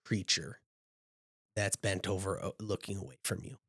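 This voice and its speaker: Unhurried male game master, dry close sound. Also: low voice, steady tone, a bit bright, slightly rough, no echo. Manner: descriptive, unhurried, with filler asides. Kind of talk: narrating a tabletop game.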